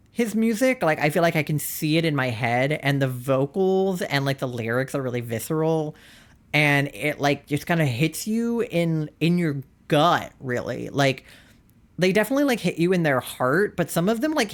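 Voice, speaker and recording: Streamer, casual chat, rambling and earnest, heavy "like" filler, mid pitch. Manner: rambling, says "like" constantly; earnest and gushing. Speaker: livestreamer.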